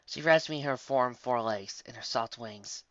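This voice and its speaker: A woman reading a fan story aloud with expressive storybook narration. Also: extremely low pitch, normal speed, no echo, highs cut off. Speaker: story reader.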